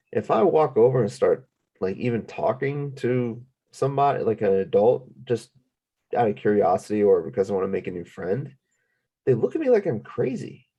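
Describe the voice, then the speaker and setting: A man speaks on a casual podcast in an earnest, reflective way, laying out his point piece by piece. His voice is on the low side and mellow in tone. His intonation rises and falls with lively swings. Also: husky. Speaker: podcast co-host. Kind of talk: casual chat.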